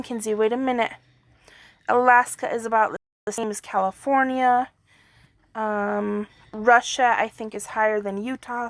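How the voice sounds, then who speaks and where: A woman's voice: a little high, no room sound. A woman giving a casual, rambling video update as an earthquake forecaster, with many fillers.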